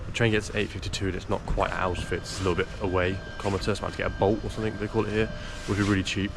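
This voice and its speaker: A man's voice: low-pitched, flat delivery, racing, background noise. A young man talking casually to camera as a travel vlogger, rambling as he walks around a city. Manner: rambling, chatty, loose filler-heavy talk. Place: outdoors walking a city.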